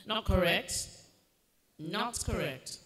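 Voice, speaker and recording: A woman serving as a spelling bee pronouncer, reading each word slowly and firmly telling children when they are not correct. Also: mid-range voice, a bit bright. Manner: slow, deliberate pronunciation, firm instructions. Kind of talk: reading words and judging spellings. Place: school competition hall. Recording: echoey hall, faint noise.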